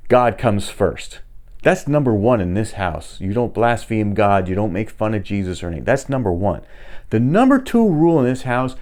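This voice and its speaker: A man's voice: mid-range voice, moderate pace. A middle-aged man casually telling rambling stories while giving a tour of his home. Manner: chatty, rambling, animated when retelling. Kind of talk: casual storytelling.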